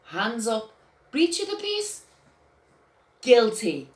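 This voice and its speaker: An older woman and grandmother, telling an agitated personal account that swings between quiet and loud outbursts, with swearing. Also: a little high, wildly swooping pitch, slow, echoey room. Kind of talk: emotional personal account to camera.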